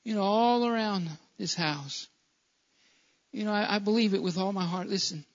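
A man's voice: high voice, normal speed. A man preaching a sermon in a church, impassioned, often stumbling and restarting his phrases. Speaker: pastor. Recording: dull lo-fi church recording.

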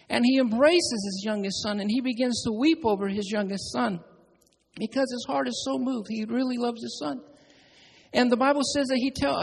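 A high-pitched male preacher with a gravelly edge delivers a sermon in a rising, repetitive cadence. His voice rings out with long reverb through a church sanctuary.

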